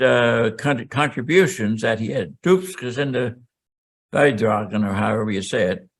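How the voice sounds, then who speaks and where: An older man from Pennsylvania giving a history lecture at a college seminar, reading prepared text and breaking off into rambling asides with many ums and restarts. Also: medium pitch.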